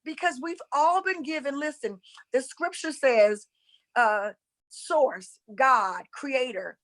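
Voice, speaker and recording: A high-pitched woman talks like a preacher. She speaks emphatically, repeats her points and calls her listeners y'all. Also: takes it slowly, fairly bright tone, low-quality recording. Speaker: spiritual coach and former preacher. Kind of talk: impassioned preaching-style talk.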